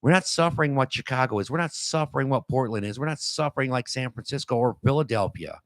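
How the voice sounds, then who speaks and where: A man's voice: mid-range voice, expressive, quick pace, fairly bright tone, no echo. A man in his fifties, born and raised in Detroit, hosting a casual opinion talk show and rambling in a folksy way with lots of "you know" and restarts. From Detroit, USA.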